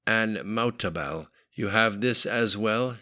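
A man's voice: lowish voice, takes it slowly, sharp tone, voice pushed up, exaggerated voice. A man doing a weary Russian traveler. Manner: blunt, weary. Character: tired middle-aged Russian man traveling alone.

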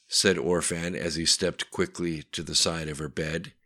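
A man reading a story aloud in a steady, plain narrating voice. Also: deep voice, measured pace, hardly any pauses. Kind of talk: audiobook narration.

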